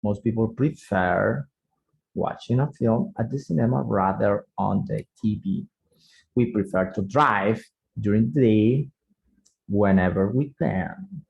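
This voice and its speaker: A man teaching an English grammar lesson online, unhurried and checking in with students with frequent "yeah?" tags, in second-language English. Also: on the low side, vocal fry, darkish tone, highs cut off.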